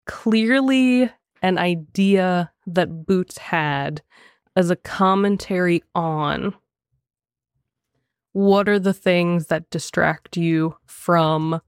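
Young female co-host, lively and chatty, lower voice, dry close sound. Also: clear, resonant tone, no room sound. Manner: animated, laughs often, talks in quick bursts. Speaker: podcast co-host. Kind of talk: casual film discussion.

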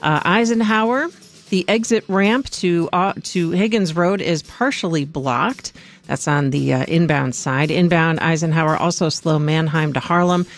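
A woman giving a radio traffic report, briskly rattling off roads. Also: low-pitched, soft background music.

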